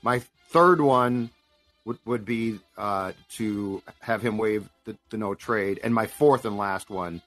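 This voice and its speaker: A man's voice: lowish voice, slow, fairly bright tone, soft background music. A man co-hosting a casual sports talk show, giving his picks plainly with many restarts. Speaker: co-host.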